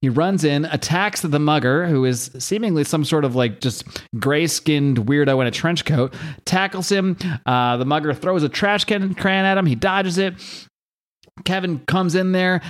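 A man's voice: a little high, normal speed. A man hosting a podcast, casually recapping a comic book in a rambling, chatty way with fillers and swearing. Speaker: podcast host.

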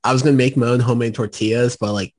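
A man co-hosting a casual podcast, spinning animated, jokey stories and boasting in fun. His voice sits in a middle range for a man. The sound is dry and close, with no room in it. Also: mid-range voice, very fast, dry recording. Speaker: podcast co-host.

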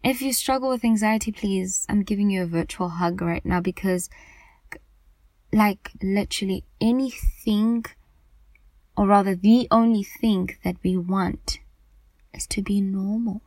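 A woman's voice: mid-range voice, measured pace, darkish tone, no room sound. A woman podcast host speaking earnestly and emphatically about anxiety in a personal monologue, often repeating herself for stress.

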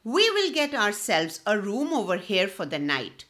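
A woman voicing a kind old father in a children's story, speaking calmly. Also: medium pitch, unhurried.

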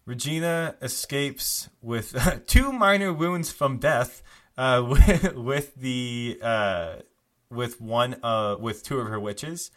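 Bright-voiced male game master. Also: medium pitch, slow pace. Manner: relaxed, filler-heavy narration. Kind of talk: narrating a tabletop game.

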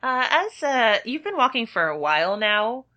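A woman running a tabletop game as game master, narrating haltingly with many fillers. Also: a little high, sing-song, bright, forceful tone, dull audio.

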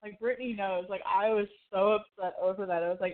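A woman's voice: medium pitch, steady tone, quick pace, few pauses. A woman in casual chat, animatedly retelling TV scenes and acting out the characters' lines. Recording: phone-like thin audio.

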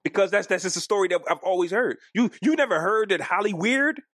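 A man co-hosting a casual podcast, animated and argumentative, often jumping up in pitch for emphasis. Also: quick pace, no room sound, clean studio sound. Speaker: podcast co-host.

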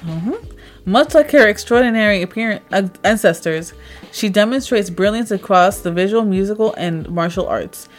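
A woman's voice: medium pitch, normal speed, soft background music. A young woman casually reading a comic aloud, stumbling over foreign names and laughing it off. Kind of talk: casual read-aloud with chat.

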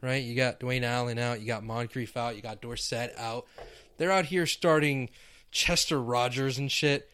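A man's voice: mid-range voice, steady tone, normal speed, a bit bright, clear, resonant tone. A man co-hosting a sports podcast, chatting casually with a teasing, joking manner. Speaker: podcast co-host. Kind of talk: casual chat.

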